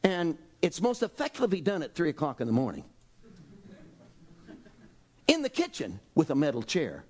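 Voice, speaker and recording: A man preaching a sermon as pastor, animated and exclaiming, swinging between loud outbursts and soft asides. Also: a little high, moderate pace, long pauses.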